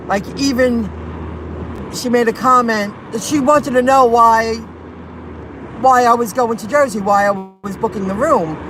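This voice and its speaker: Woman, driver-vlogger, chatty and indignant, slightly high voice, recorded in a loud car. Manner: chatty, indignant storytelling, reads viewer comments aloud. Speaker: rideshare and delivery driver vlogger. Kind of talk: casual venting chat to viewers. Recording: noisy car and street background.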